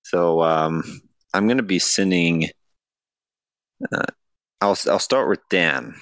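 Guy hosting a podcast game, talks real slow, kinda low voice, dry sound. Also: fairly bright tone, no room sound. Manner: slow, hesitant, laughs at himself. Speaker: podcast host running a game. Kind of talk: casual group chat.

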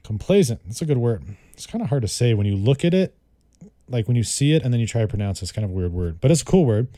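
Mellow chatty man teaching vocabulary. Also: medium pitch, animated, fast, dry recording, studio quality. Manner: chatty, repeats and spells out words. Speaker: vocabulary tutor. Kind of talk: casual vocabulary lesson.

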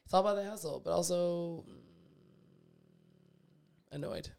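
Woman w a lowish voice, casual podcast chat, emphatic and kinda exasperated. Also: normal speed, creaky, mellow. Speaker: podcast co-host. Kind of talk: casual chat reviewing a TV show.

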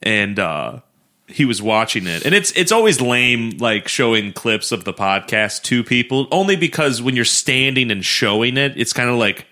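A man's voice: medium pitch, normal speed. A young man co-hosting a casual podcast with a friend, telling stories with lots of laughter. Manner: animated storyteller, laughs often. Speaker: podcast co-host. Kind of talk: casual chat between friends.

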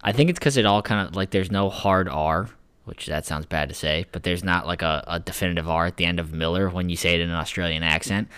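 A man's voice: deep voice, fairly even intonation, quick pace, a bit bright, smooth, no echo. A man co-hosting a podcast, joking around in crude, casual banter. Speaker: podcast co-host. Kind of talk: casual chat.

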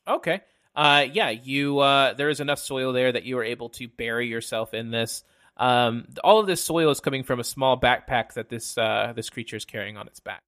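Game master, man, bright tense voice, halting narration full of fillers. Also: medium pitch, steady tone, slight background noise.

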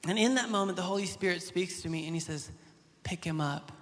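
Man preaching, high voice, surges loud then hushes, casual storytelling, long hall reverb. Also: fast. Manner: impassioned preaching, rises loud then drops soft. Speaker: pastor. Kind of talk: sermon. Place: church hall.

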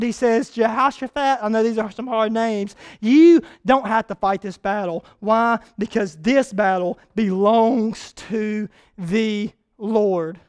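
A man preaching a sermon to his church, swinging from loud shouted peaks to a soft, quiet prayer. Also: extremely high pitch, dry recording. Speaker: pastor. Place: church sanctuary.

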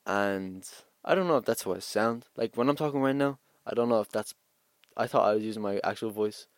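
A man's voice: lowish voice, fairly quick, no room sound. A young man, a rapper, chatting casually about his music in a laid-back way, laughing often and trailing off. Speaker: rapper guest. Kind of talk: casual interview chat.

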